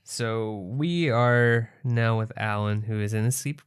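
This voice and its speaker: A man's voice: lowish voice, measured pace, clean tone, dry recording, clean studio sound. A man co-hosting a podcast, casually recapping a horror movie with laid-back, exasperated asides and plenty of swearing. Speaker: podcast co-host.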